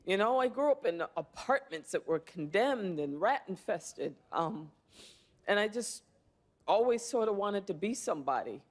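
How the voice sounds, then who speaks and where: A woman in her fifties answering reporters' questions in a press room, earnest and reflective, pausing often to think. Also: medium pitch, expressive. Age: 50s. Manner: reflective, earnest, with thoughtful pauses and fillers. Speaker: award-winning actress answering press.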